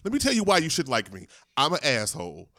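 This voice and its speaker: Man, animated, profane, co-host chat, dry recording. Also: mid-range voice, fast, no echo. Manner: animated, profane, acts out quoted voices. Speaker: podcast co-host. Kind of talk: casual chat.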